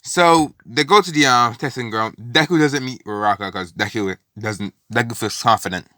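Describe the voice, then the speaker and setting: Man, casual rambling storyteller, lots of fillers, bright voice. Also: mid-range voice, normal speed, dry recording. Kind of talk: casual retelling of a fan story.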